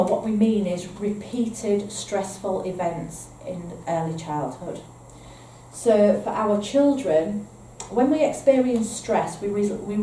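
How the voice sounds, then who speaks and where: A woman's voice: mid-range voice, mellow, a little hiss or hum. Northern English woman training foster carers. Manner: explanatory, repeats points with rhetorical "okay?". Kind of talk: training presentation. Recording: echoey room, mic at a distance, faint ambience.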